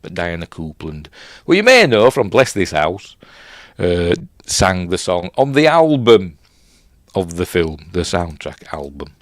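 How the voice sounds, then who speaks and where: A middle-aged Yorkshire man chats his way through a film review, his low voice bouncing up and down with lively swings. He rambles, stops to correct himself and chuckles along. The sound is close and dry, with no room around it. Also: a little slow, no echo. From Yorkshire, England. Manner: rambling, chatty, self-correcting with chuckles and fillers. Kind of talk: casual film commentary with live chat.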